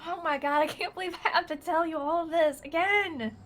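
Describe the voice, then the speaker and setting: A woman's voice: very high-pitched, fairly bright tone, pitched above the performer's own voice. A woman playing a timid, rambling young sister. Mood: anxious. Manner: rambling, halting, nervous. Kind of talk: in-character tabletop role-play.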